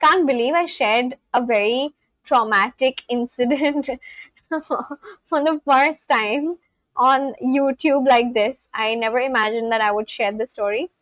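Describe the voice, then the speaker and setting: A woman's voice: high-pitched, a little slow, a bit bright, no room sound. A woman from India, chatting casually on a livestream, reading and answering viewers' comments. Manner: chatty, reads and answers chat aloud, laughs often. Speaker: livestream host.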